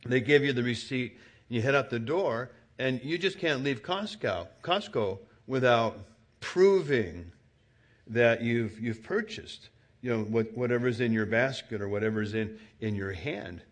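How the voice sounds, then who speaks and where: A man's voice: mid-range voice, expressive, unhurried. Preacher man, storytelling sermon voice. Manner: conversational storytelling, rising to loud emphatic exclamations.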